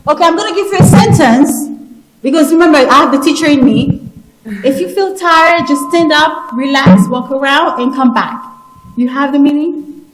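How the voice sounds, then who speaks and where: High-voiced woman teaching like a classroom teacher. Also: moderate pace, music in the background, low-quality recording. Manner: animated, teacherly, repeats words for emphasis. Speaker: speaker teaching pronunciation. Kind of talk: interactive classroom-style talk. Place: conference hall.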